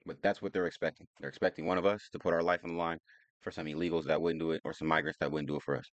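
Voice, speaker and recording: A man's voice: extremely low pitch, flat delivery, very fast, no room sound, muffled recording. A man hosting a reaction commentary, talking bluntly and preaching straight at his viewers. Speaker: commentary host reacting to clips.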